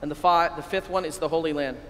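A man who is a priest, giving an animated keynote sermon and leading his audience in call-and-response. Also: fairly high pitch, fast. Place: large hall. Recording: echoey hall.

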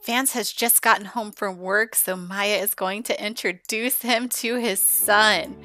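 While playing a life-sim game, a woman chats casually and gushes with excitement in this let's-play commentary. Her mid-range voice is unhurried, with no room sound and faint music behind her.

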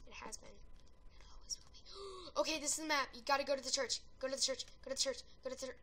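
High, bright-voiced excitable gamer woman. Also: very fast. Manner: excitable, yelling and gasping at wins and deaths; chatty, rambling asides between rounds. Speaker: gaming video creator. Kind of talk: excitable gameplay commentary.

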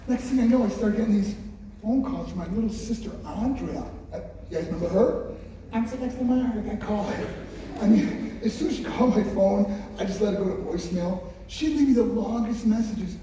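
A man gives a motivational talk to a school assembly in a large hall with an audience, speaking directly to them and telling his story with emphasis. His high-pitched voice is dark in tone, a little fast, and lively in intonation. The far-off recording of the echoey hall carries slight background noise.

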